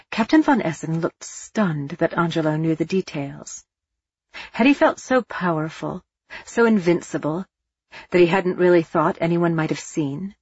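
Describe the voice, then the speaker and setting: A woman narrating a novel in an even, measured storytelling manner. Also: on the low side, husky, no room sound, dull audio. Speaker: audiobook narrator. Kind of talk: scripted narration.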